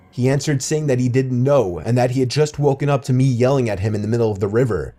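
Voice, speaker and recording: A man narrating a true scary story in a steady, scripted storytelling delivery. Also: medium pitch.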